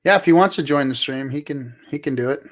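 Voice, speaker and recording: A man's voice: mid-range voice, quick pace. Laid-back joking male co-host. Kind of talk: casual crypto chat.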